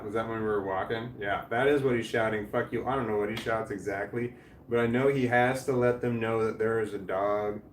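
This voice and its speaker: Rambling, cursing man in an echoey room. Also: lowish voice. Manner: rambling, swears often, restarts sentences. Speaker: streamer reading live chat comments. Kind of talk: casual rambling chat. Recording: echoey room with faint background noise.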